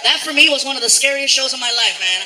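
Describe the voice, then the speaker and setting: A man performing live stand-up comedy, telling animated stories and slipping into acted voices. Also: extremely high pitch, fast talker, low-quality recording. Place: stage in El Paso.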